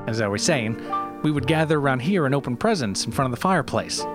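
A rambling, nostalgic old comedian host, as a man voices him in a comedy audio sketch. He stammers and restarts, drifting between fond memories at a middling pitch. Faint music plays underneath. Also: animated, fast talker, lightly acted. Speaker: show host.

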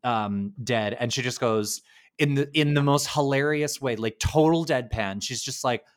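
Young male podcast co-host, lively and sweary, acts out bits. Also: on the high side, moderate pace. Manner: animated, swearing, acts out quotes. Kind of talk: casual film chat.

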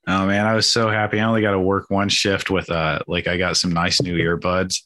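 A man in his thirties talks in a very low voice with a bright, forceful edge. He rambles through casual podcast chat, swearing often and leaning on "like" fillers. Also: level tone, brisk, slight background noise. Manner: rambling, profane, many "like" fillers. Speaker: podcast co-host.

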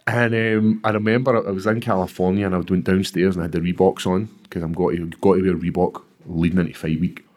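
A man's voice: low voice, flat delivery, quick pace, few pauses, a little mellow. A Scottish man in his thirties, a fighter chatting casually, swearing a lot and acting out voices in his stories. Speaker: UFC fighter, guest. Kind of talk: casual chat.

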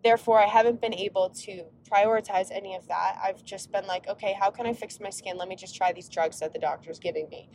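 A woman's voice: steady tone, fairly quick, few pauses, a little mellow. A young woman hosting a casual solo podcast while driving, rambling and interrupting herself, sounding a little sick and tired. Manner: rambling, chatty, self-interrupting. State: sick, yawning. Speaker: podcast host. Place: inside a car on a road trip. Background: faint road rumble.

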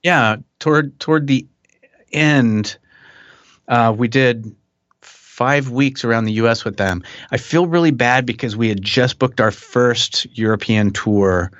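A man's voice: mid-range voice, a little slow, fairly bright tone, dry recording, muffled recording. A middle-aged man, a musician being interviewed, talking in a rambling, self-deprecating way and laughing often. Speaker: musician guest. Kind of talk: casual interview chat.

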